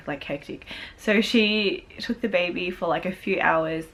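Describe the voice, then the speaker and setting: A woman's voice: on the low side, brisk. A young woman vlogger chatting casually and emotionally, rambling with lots of fillers. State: tearful. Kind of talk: casual chat.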